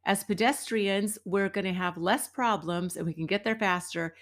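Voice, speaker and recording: A middle-aged American woman, a podcast host and dance teacher, tells an everyday story in a casual monologue. Her voice is medium-pitched and steady at a normal speed, and she's chatty and wry, acting out the people she quotes.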